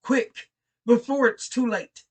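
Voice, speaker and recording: A man voicing a terrified young man trapped in a crypt, yelling up in a high, strained voice. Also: fairly even intonation, slow, breathy edge, exaggerated voice, poor audio. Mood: frantic, pleading.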